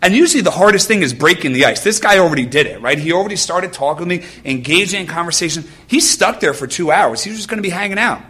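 Earnest bright-voiced man preaching. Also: sits high, animated, fast, few pauses, slightly rough. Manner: conversational, earnest, often asks "right?" and restarts words. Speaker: nurse giving a church talk. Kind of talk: sermon with personal stories. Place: church gathering with a live audience.

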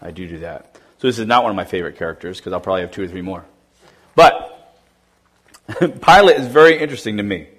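A man's voice: fairly low pitch, animated, fast talker, long pauses, a bit bright. A man pastor preaching a conversational, emphatic sermon. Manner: conversational, emphatic, laughs often.

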